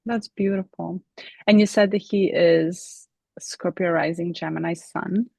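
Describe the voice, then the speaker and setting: A woman co-hosting a casual reflective chat over a video call, speaking in a gentle, contemplative way with slow, searching phrasing. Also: on the low side, fairly even intonation, creaky, no echo. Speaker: co-host.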